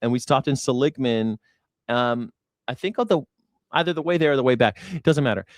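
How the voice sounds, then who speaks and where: A man's voice: mid-range voice, fairly quick, no echo, studio quality. A man hosting a news reaction show, rambling in a casual, profane way and laughing often. He grew up in the United States. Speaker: host.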